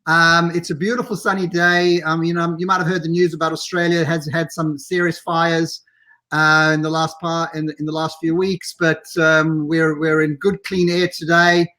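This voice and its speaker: A man's voice: on the high side, level tone, moderate pace, bright, forceful tone. A man in his fifties from South Africa, chatting casually as a guest on a live video call. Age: 50s. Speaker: podcast guest.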